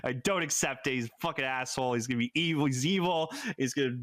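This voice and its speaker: A man co-hosting a podcast in casual chat, excitable, laughing often and swearing as he acts out quotes. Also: medium pitch, fast. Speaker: podcast co-host.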